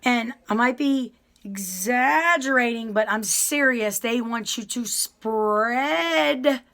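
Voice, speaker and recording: Slow, rambling middle-aged woman vlogger. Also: fairly high pitch, fairly bright tone. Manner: rambling, apologetic, chatty, with many fillers and restarts. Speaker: vlogger sharing her prison experience. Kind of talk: casual storytelling to viewers.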